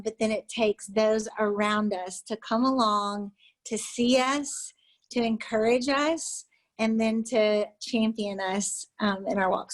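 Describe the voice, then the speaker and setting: A woman giving an encouraging talk on a video call, pausing often with "um". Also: fairly high pitch, rough recording. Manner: warm, encouraging, many "um" pauses. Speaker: guest speaker. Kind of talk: presentation and reading a children's book aloud.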